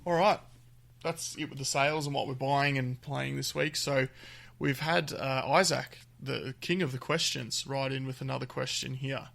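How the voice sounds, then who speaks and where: A man's voice: medium pitch, fairly even intonation, moderate pace, vocal fry, fairly bright tone. A man co-hosting a gaming podcast, chatting in an easygoing way and chuckling often. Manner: easygoing, chuckles often, trails off mid-thought. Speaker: podcast co-host. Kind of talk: casual chat.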